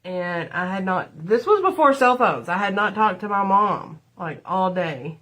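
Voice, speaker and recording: A woman's voice: mid-range voice, lively intonation, measured pace, fairly bright tone. A middle-aged woman, telling rambling stories to her livestream viewers while doing her makeup. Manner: chatty, rambling, addresses viewers as y'all. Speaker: livestream host. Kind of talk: casual storytelling and makeup livestream.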